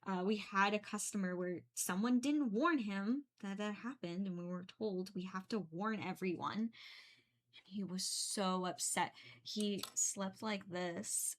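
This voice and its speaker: A woman's voice: mid-range voice, steady tone, measured pace. A young woman chatting casually while she paints, rambling with many fillers and small giggles. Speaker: painting streamer.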